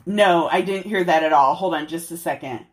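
A woman's voice: fairly low pitch, moderate pace. A young woman hosting a livestream, chatting casually and giggling with viewers. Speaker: livestream host.

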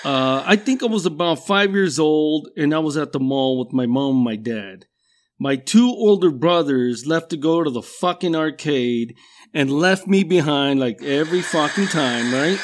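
A man's voice: on the high side, lively intonation, moderate pace. A middle-aged man from a Mexican-American background telling casual, profane stories in a rambling way, laughing at himself. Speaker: storyteller.

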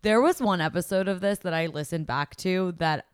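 A young woman co-hosting a casual podcast chat, animated and acting out what people said. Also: lowish voice, moderate pace, few pauses, clear, resonant tone, dry recording, clean studio sound. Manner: animated, acts out quotes, frequent laughs. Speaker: podcast co-host. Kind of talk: casual chat about a reality show.

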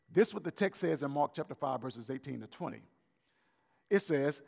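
A man preaching a sermon as pastor, swinging between loud raised lines and soft, slow emphatic words. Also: on the high side, big pitch swings, gravelly, slightly rough, big-room sound. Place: church hall.

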